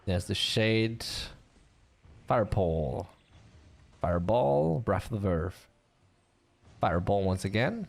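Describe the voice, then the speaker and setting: A man commentating an online game league, chatty and bantering with viewers, with a voice getting a bit rough. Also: fairly low pitch, slow pace, pauses often. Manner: chatty, animated, laughs and banters with chat.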